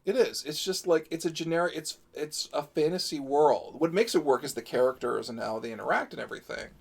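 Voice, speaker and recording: A man's voice: a little high, brisk, vocal fry, breathy edge. A man hosting a live stream, chatting casually and rambling in a self-mocking way. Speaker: game master and stream host.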